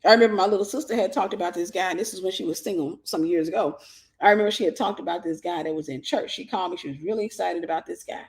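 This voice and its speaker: A woman's voice: lowish voice, very fast. A woman hosting a casual advice talk for viewers, telling stories and acting out the voices of the people in them. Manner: animated storytelling, acting out quoted voices. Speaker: host.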